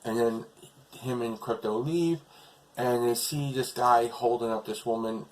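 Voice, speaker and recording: A man's voice: medium pitch, unhurried, a little mellow, rough recording. A man casually retelling a TV episode as a reviewer, rambling along with lots of fillers.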